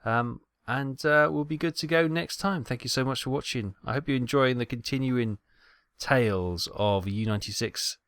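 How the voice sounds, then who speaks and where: A man's voice: medium pitch, moderate pace, fairly bright tone, smooth, dry recording, clean studio sound. A man hosting a gaming channel, giving casual, wry commentary on a submarine game and stumbling over ship names.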